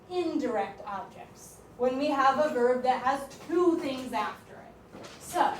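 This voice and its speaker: A woman teaching a classroom grammar lesson as a high school Spanish teacher, talking in a lively, chatty way with lots of "like". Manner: lively, chatty, uses "like" often. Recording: echoey classroom, voice far from mic, faint room noise.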